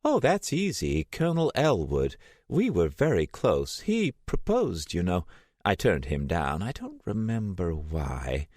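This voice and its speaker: A man playing a soft, weak older woman, confused and drifting, lively lilting pitch, dry close sound. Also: a little slow, dry recording, exaggerated voice. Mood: vague, wandering. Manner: vague and drifting, briefly imperious. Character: frail confused elderly woman, former vice president. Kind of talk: audiobook character voice.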